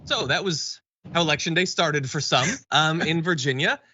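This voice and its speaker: A man's voice: fairly high pitch, pushed and bright, lo-fi sound, slight background noise. A man hosting a live political news show, delivering the stories with dry, sarcastic commentary. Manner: sarcastic, wry and quick. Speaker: news talk show host.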